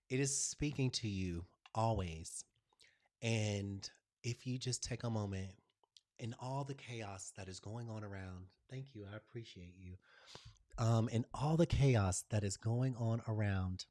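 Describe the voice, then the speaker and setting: Animated man hosting a spiritual live stream. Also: fairly low pitch, a little slow. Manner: animated storyteller, swings between loud excitement and soft hush; casual and affectionate, calling viewers "y'all", "baby" and "honey". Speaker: channel host. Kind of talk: live-stream chat, spiritual pep talk.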